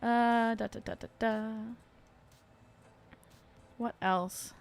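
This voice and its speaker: A woman's voice: on the high side, steady tone, drawn-out words, vocal fry, clean tone. A young adult woman hosting a casual livestream, chatty and playful, laughing often as she rants about food. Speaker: podcast host.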